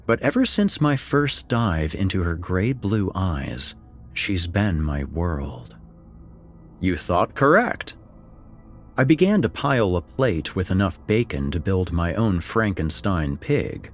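A middle-aged man narrating a first-person story, expressive and wry, voicing the dialogue. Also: low-pitched, unhurried. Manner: expressive, swings between wry and somber. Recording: faint background music.

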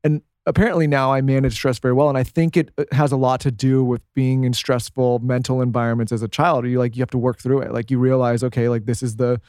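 A man's voice: medium pitch, level tone, fast talker, few pauses, a little mellow, clean tone, no echo, studio quality. A man co-hosting a podcast, talking casually and rambling with lots of "like". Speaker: podcast co-host.

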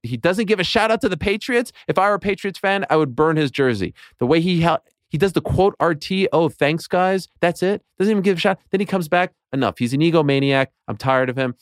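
A podcast guest in his late thirties talks sports in casual chat, speaking with passion and building into rants of rising intensity. His mid-range voice comes through in clean studio sound with no room noise.

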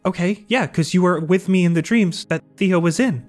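Guy doing a shaky nervous young woman, stammers a lot, kinda high, some music underneath. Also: a little mellow, lightly acted. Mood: urgent. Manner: halting, stammering, earnest. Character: anxious young woman haunted by nightmares.

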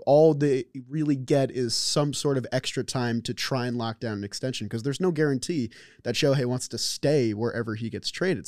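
A man's voice: mid-range voice, a little mellow, no echo, clean studio sound. A man filling in as co-host on a sports talk show, giving long analytical takes with some stumbles. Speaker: guest co-host.

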